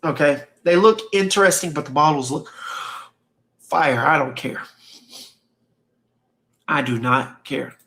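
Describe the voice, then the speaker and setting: A man's voice: on the high side, measured pace, long pauses, a bit bright. Laid-back slangy man hosting a stream. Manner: laid-back, slangy, repeats phrases, reads viewer comments aloud. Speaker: fragrance livestream host. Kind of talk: casual livestream chat reading comments. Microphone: streaming mic.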